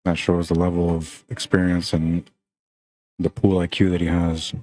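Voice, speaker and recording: Deep, flat-voiced male pool commentator. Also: moderate pace. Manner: chatty, greets viewers by name. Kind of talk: live stream commentary.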